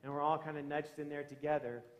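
Animated pastor preaching in an echoey church. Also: male voice, on the high side, fast talker. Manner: animated, shifting from hushed to loud while telling a story. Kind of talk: storytelling sermon. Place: church sanctuary.

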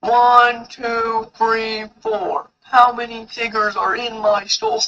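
A man's voice: very high voice, level tone, takes it slowly, heavy background noise. A man joking around in casual banter while playing a game with friends. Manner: joking, goofy. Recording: slightly dull lo-fi mic.

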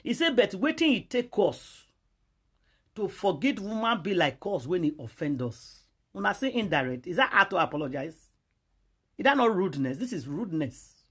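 A woman's voice: fairly low pitch, husky. A Nigerian woman giving emphatic gossip commentary as a vlogger, lecturing her viewers in a preachy, repetitive way.

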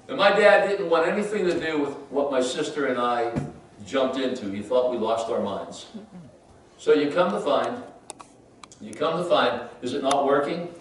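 A man preaching a sermon as pastor, dramatically acting out scripture, then softening into personal storytelling. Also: mid-range voice, unhurried, long pauses, slight background noise. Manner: emphatic preaching, voices Bible figures, drops to soft storytelling. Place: church sanctuary. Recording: roomy church, far from the mic.

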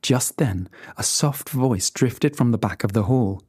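A storyteller reading a fairy tale aloud in an expressive, animated way for English learners. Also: medium pitch, a little slow, breathy edge, dry recording, clean studio sound.

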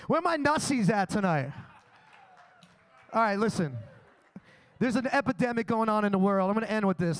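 A young man, his voice pitched unusually high, working a comedy club crowd. He tells crude, boastful stories in a brash, swaggering way. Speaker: stand-up comedian. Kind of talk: live stand-up comedy set.

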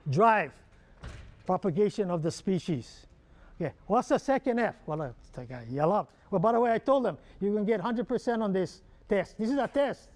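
A man speaking with a Hawaiian Pidgin accent delivers a humorous motivational keynote. His voice sits high for a man. He keeps firing quiz questions at the audience and teasing them in easy call-and-response.

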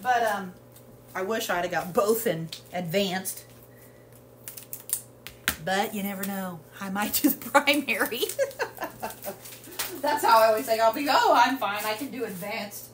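This haul vlogger takes things slowly, pausing often as she chats loosely and fills the gaps while showing off products in her home kitchen. Her medium-pitched voice is a bit bright, and a little hiss or hum runs under it.

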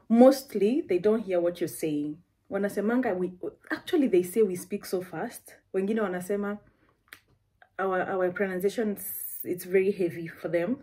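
Kenyan woman vlogger, casual and chatty storyteller, warm husky tone. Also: medium pitch. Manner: chatty, with frequent asides.

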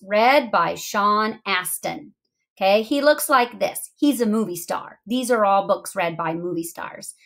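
Animated woman teaching young children. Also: fairly high pitch. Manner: expressive, sing-song thinking aloud. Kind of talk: remote reading lesson for young children.

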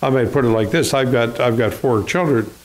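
A man of ordinary pitch preaching from the pulpit, reading old-fashioned scripture aloud and pausing to put rhetorical questions to his listeners. His delivery is halting, full of small restarts as he works through his points. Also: rough recording. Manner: reads scripture aloud in King James wording. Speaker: pastor. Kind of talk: sermon.

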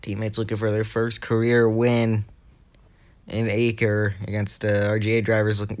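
A young man with a scratchy throat calling a video game race, getting excitable as the crashes pile up. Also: on the low side. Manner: excitable, rising to shouts at crashes. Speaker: race commentator.

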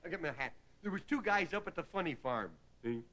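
A man's voice: a little high, animated, brisk, fairly bright tone. A middle-aged man, the host, delivering a rambling stand-up comedy monologue full of asides, heard on an old 1960s television recording. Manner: rambling, jokey storyteller with repeated asides. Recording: hissy 1960s TV broadcast recording. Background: studio audience laughter.

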